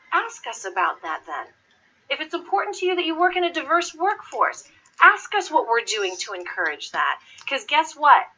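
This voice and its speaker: A woman recruiter giving job interview advice to an audience, acting out quoted people. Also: fairly high pitch. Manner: animated, acts out quoted people. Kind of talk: lively talk to an audience. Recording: dull lo-fi recording.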